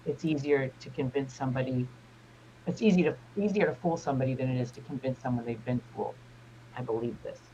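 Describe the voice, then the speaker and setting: A man's voice: mid-range voice, fast talker, mellow. Rambling American male guest, casual chat, muffled line with faint noise. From United States. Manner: rambling, filler-heavy. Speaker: guest on a discussion stream.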